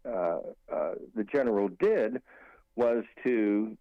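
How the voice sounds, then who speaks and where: A man's voice: lowish voice, animated, takes it slowly, no echo, dull audio. A man guest on a talk radio show giving rambling political commentary with frequent restarts and emphatic asides.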